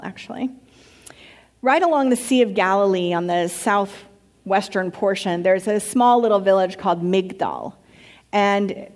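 A woman pastor giving a conversational sermon, chatty and candid, with quick asides and open enthusiasm. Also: medium pitch, a little mellow. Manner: enthusiastic when describing places.

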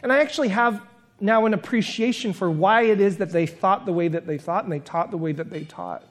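Fairly quick and high-voiced, a man preaches as pastor, his tone reflective and conversational. He builds lengthy lists aloud and pauses for self-deprecating asides.

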